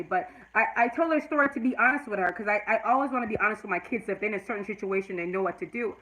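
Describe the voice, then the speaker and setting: Bright-voiced woman vlogging earnestly. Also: medium pitch, fast talker, poor audio. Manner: tearful and earnest, then preachy and emphatic. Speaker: YouTube vlogger. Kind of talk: emotional personal vlog talk to chat.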